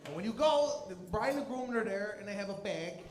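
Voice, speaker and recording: A man doing a stand-up comedy set, animated, shouting his punchlines and working the crowd. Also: high-pitched, fairly quick. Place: live comedy stage before an audience. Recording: echoey venue with loud crowd noise.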